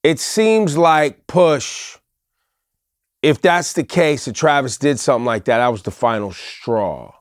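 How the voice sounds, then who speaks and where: A man co-hosts a relaxed panel chat, picking his way through his points with pauses and restarts. His voice sits in a middle register, recorded dry and close in a studio. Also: mid-range voice, no room sound. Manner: halting, thinks aloud mid-sentence. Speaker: podcast co-host.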